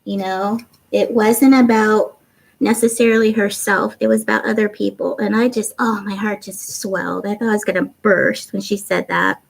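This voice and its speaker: A woman's voice: medium pitch, steady tone, moderate pace, gravelly, poor audio. Chatty middle-aged woman hosting a craft stream. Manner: chatty, warm, reads viewer comments aloud. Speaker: craft livestream host. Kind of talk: casual livestream chat.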